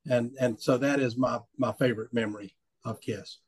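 A man's voice: medium pitch, steady tone, normal speed, breathy edge, dry recording. A man in his fifties, a podcast guest, recounting a favorite memory in an earnest, upbeat way. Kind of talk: casual recollection.

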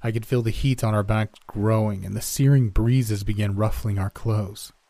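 Dark low-voiced male horror narrator. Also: fairly even intonation, no echo. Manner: measured, somber storytelling. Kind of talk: scripted first-person horror narration.

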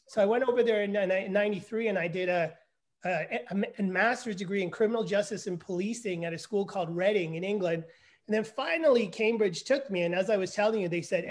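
High-voiced self-deprecating man storytelling. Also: brisk. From Canada. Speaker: guest, forensic psychologist. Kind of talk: casual interview conversation.

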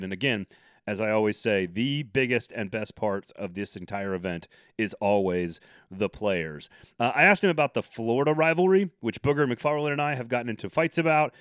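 A man's voice: on the low side, a bit bright, no echo, studio quality. Chatty opinionated man hosting sports podcast. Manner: chatty, opinionated, joking asides. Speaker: podcast host. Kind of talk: casual sports talk.

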